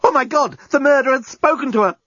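A man voicing a panicked young woman with a breathless, frantic, high-pitched delivery. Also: fast talker, a bit bright, no echo, highs cut off. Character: panicked young woman, a law graduate, prone to melodrama.

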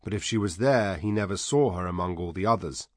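A man reading a novel aloud as narrator, measured and even. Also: low voice, no echo, studio quality. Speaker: audiobook narrator. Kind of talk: scripted narration.

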